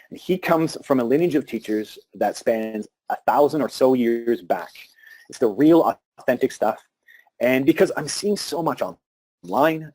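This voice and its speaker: A man with a mid-range voice gives a live talk to an audience about meditation and breathing. He speaks calmly, with pauses and restarts.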